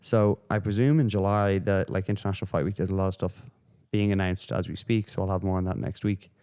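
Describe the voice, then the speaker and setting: A man's voice: low voice, fairly even intonation, quick pace, warm tone, smooth. A man hosting a solo podcast, rambling and swearing through casual commentary with lots of fillers. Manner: profane, rambling, with frequent fillers. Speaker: podcast host.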